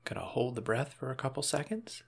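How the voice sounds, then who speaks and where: Calm man with a gravelly voice. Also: medium pitch, brisk. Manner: calm, step-by-step guidance with small asides. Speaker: relaxation instructor. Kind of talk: guided muscle relaxation.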